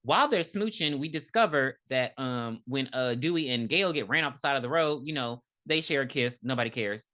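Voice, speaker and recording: A woman with a low, deep speaking voice recaps a film for a podcast. She talks casually, swears freely, and acts out the characters' lines with a laugh in her storytelling. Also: fairly quick, hardly any pauses. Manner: animated, profane, laughing storyteller. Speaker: podcast co-host. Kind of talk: casual movie recap chat.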